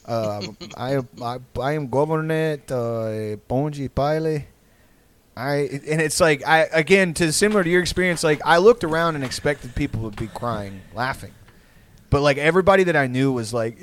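This man's voice sits on the high side, recorded with no echo. He's a Texan podcast host telling funny stories in a rambling, profane style and often restarting his sentences.

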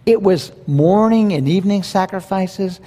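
Animated man preaching in a reverberant hall. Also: sits high, a little slow. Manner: conversational, animated preaching with quoted asides. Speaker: pastor. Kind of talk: verse-by-verse sermon.

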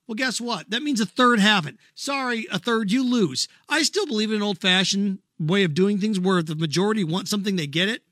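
A man's voice: high voice, lively intonation, a little fast, few pauses, fairly bright tone, no room sound, clean studio sound. A man hosting an opinionated sports talk monologue, blunt and sarcastic. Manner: blunt, sarcastic, mocks callers with put-on voices. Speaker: radio sports talk host.

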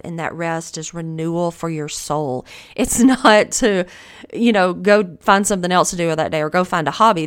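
Earnest low-voiced woman teaching the Bible. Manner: earnest and encouraging, thinking aloud. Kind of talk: conversational devotional teaching.

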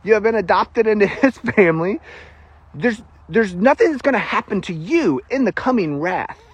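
Preaching casually in a husky, higher-pitched voice, this man from the American South is animated throughout. He pokes fun at himself and laughs easily.

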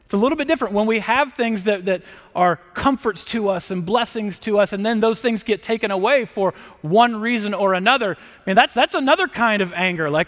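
A man preaching a sermon in a conversational, animated way, often checking in with the listeners with a quick "right?". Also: sits high. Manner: conversational preaching, with frequent "right?" tag questions. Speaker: pastor. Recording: long reverb.

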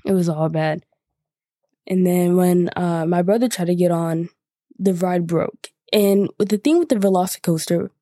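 A woman's voice: fairly low pitch, dark tone, dry recording, clean studio sound. A young woman hosting a podcast, telling a casual, chatty story with many 'like' fillers. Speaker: podcast host.

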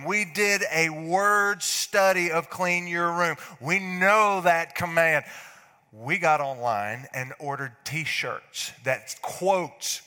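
Man doing high giddy teen kids rattling off excuses, bright voice, echoey church hall. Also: clean tone, heavily acted. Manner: eager, sheepish excuses. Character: excited teenage kids dodging chores.

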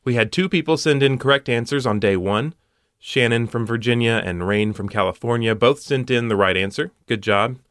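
A man's voice: medium pitch, normal speed, fairly bright tone, no room sound. A man hosting a puzzle show, walking through solutions step by step with dry punning asides.

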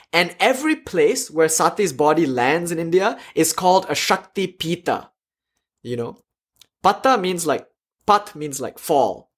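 A man with a raised, husky voice tells old myths as a teacher would. He talks casually, full of slang and side remarks. The story comes out vivid and conversational. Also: on the high side. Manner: lively retelling of myths with casual asides. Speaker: teacher of yoga philosophy.

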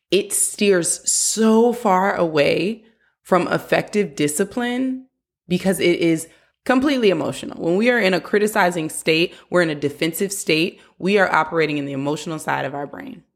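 A woman with a low voice talks through parenting advice in an earnest, coaching manner. She is a young adult host who now and then acts out a frustrated parent's words. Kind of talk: casual advice talk.

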